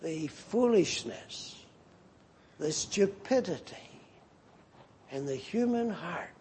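A man's voice: high-pitched, expressive, slow pace, darkish tone, slight background noise. A man preaching a sermon and animatedly voicing the scripture figures as he retells the story.

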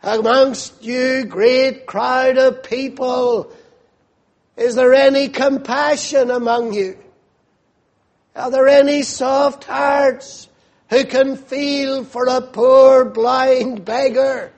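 A preacher acting out a blind beggar man, desperate and pleading. The voice is pitched very high and loud, calling out over a crowd, and each plea is drawn out slowly. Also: heavily acted.

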